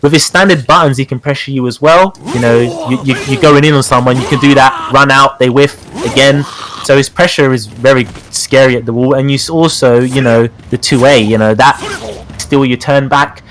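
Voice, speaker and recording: A British man talks a fighting-game tutorial through at a middle pitch, looping back on his words with plenty of "you know" and the odd swear. A faint hiss sits under the recording. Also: steady tone, moderate pace, a bit bright. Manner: rambling, repeats words and fillers, swears casually. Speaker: guest character specialist. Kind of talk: casual gaming tutorial chat.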